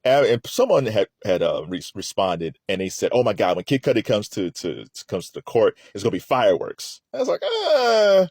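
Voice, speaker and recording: Rambling, laughing man, lively pitch. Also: fairly quick, few pauses, husky, dry recording, clean studio sound. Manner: rambling, laughs often, frequent restarts. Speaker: commentator on a court trial. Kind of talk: casual commentary.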